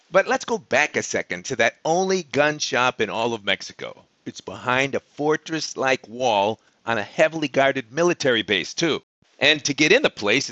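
Guy ranting sarcastically to the listener, bouncy pitch, kinda dull dry recording. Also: bright, forceful tone, no room sound. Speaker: vlogger on life in Mexico. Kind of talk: sarcastic explainer monologue.

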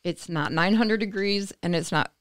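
A woman from the United States, an interview guest telling a personal story in conversation, animated and acting out what others said. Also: mid-range voice, moderate pace, no room sound, clean studio sound. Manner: animated, acts out quoted voices, laughs between phrases.

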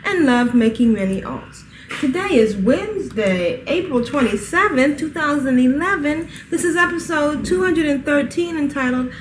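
A woman's voice: high voice, lively intonation, slight background noise, low-quality recording. A woman hosting a casual gaming podcast, teasing her co-hosts with frequent giggles. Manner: giggly, teasing, slow and playful. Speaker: podcast host.

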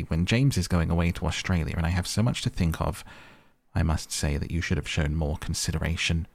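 A man's voice: low voice, creaky, darkish tone, no room sound. A man reading the part of a vain middle-aged mother and faded actress, fussy and affected.

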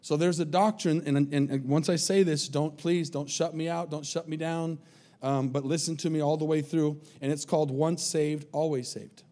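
A man's voice: on the high side, steady tone, normal speed, mellow. A man preaching a sermon as pastor, earnest and pleading, often repeating words as he restarts his sentences.

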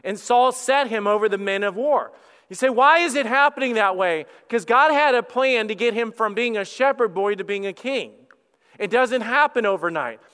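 A man preaching a sermon as lead pastor, telling the story in an animated way and acting out characters, heard with long hall reverb. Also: sits high, normal speed, clear, resonant tone.

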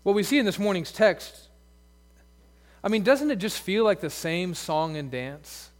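High-voiced conversational preacher man. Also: very animated, measured pace. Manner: conversational, with asides and rhetorical questions. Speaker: pastor. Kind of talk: sermon.

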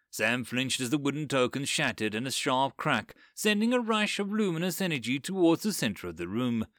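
Expressive man narrating a story. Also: medium pitch, no room sound, studio quality. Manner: expressive, dramatic reading.

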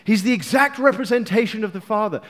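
An English man preaching a sermon with passion, moving between hushed lines and loud outbursts, with playful asides to the congregation. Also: high voice, fast, in a large hall. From England.

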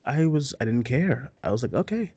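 Husky-voiced man chatting loosely. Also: normal speed, no echo, muffled recording. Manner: rambling, filler-heavy, jumps between pitches when excited. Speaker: co-host, film site editor. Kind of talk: casual chat.

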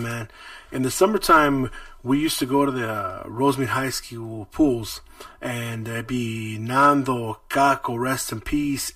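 A man's voice: mid-range voice, fairly bright tone, dry recording. A man, hosting a podcast and telling rambling, profane stories from his childhood. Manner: profane, rambling, laid-back. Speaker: podcast host. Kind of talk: casual storytelling monologue. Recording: dry, distant mic.

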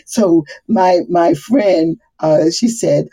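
A woman's voice: fairly low pitch, drawn-out words, dark tone, slightly rough. A middle-aged woman giving a casual faith talk, laughing often and acting out the voices she quotes. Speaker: Bible study speaker.

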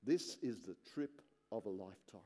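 This man delivers a sermon, working through scripture unhurriedly and with sincerity. His phrases trail off quietly and low, and he drops in thoughtful yet excited remarks between the readings.

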